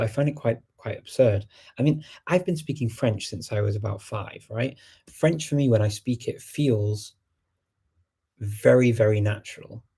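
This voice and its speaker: A man's voice: mid-range voice, mellow, slightly rough. A middle-aged man hosting a language-learning show, answering viewer questions in a casual, conversational, emphatic way. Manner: conversational and emphatic, many restarts and laughs. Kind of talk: casual live Q&A chat.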